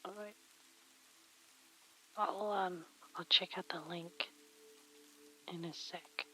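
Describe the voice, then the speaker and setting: Woman, streamer, soft-spoken, slow, murmuring, sensitive close mic. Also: on the low side, steady tone, a little hiss or hum, poor audio. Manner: soft-spoken, murmuring to herself, reading chat aloud. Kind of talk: casual live-stream chat while crafting.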